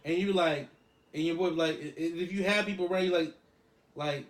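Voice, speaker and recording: A man's voice: fairly high pitch, fairly even intonation, fairly quick. Man, podcast co-host, casual chat, talks through everyday examples, roomy echo.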